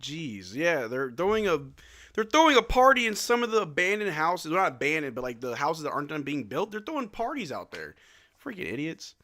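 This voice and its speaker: A man hosting a casual live watch-along, calling plays excitedly at home and tossing in joking asides with lots of "bro.". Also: a little high, a little fast. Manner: excitable play-by-play mixed with joking asides, says "bro" often. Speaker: live stream host.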